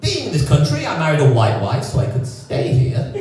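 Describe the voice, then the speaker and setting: Lively sardonic man on a club stage. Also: a little high, fairly quick, crowd noise. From England. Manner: lively, sardonic, puts on voices for quoted people. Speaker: stand-up comedian. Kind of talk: stand-up comedy set. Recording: roomy echoing club sound from a distance.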